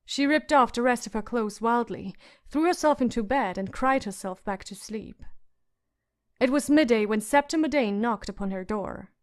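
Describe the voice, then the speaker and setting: A woman narrating a fantasy audiobook in a measured storytelling manner. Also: a little high.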